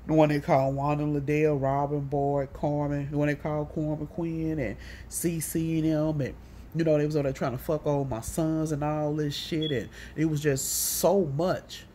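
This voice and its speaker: A woman telling a rambling personal story in a casual monologue, profane and animated, often acting out what others said. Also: sits low, normal speed, slight background noise.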